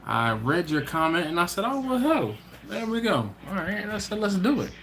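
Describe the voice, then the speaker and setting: A man's voice: high-pitched, very animated, moderate pace, a bit bright, slight background noise. Chatty barbecue live-stream host, a man. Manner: laid-back and chatty, laughs often, trails off and restarts. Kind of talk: casual live-stream chat, reading viewer comments.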